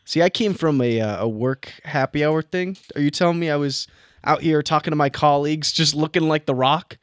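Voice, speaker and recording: A man's voice: on the high side, a little fast, smooth, no echo. A young man co-hosting a podcast, joking around in casual chat. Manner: jokey, slips into a loud put-on frat-boy voice. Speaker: podcast co-host. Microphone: headphones and studio mic.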